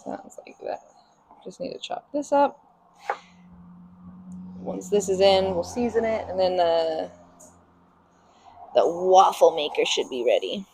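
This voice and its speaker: A woman's voice: dark tone, slight background noise. A woman chatting casually while cooking breakfast in her home kitchen on a live stream, calling to her cats now and then. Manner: chatty, talks to her cats in a high sing-song baby voice.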